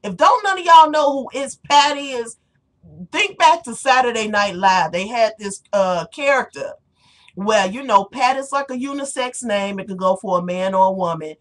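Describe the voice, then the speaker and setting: Woman w/ aave on a webcam, kinda high voice, blunt n cussing a lot. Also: moderate pace. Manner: blunt, profane and animated, with sharp rhetorical questions. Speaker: webcam vlogger. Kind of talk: casual webcam rant.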